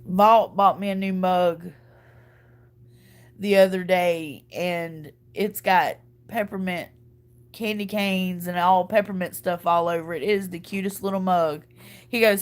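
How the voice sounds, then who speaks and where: Woman stream host, tired after crying, warm casual chatter with frequent laughs and verbal slips. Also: on the low side, measured pace. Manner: chatty, laughing, tripping over words. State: tired from crying and little sleep. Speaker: livestream host. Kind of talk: casual chat.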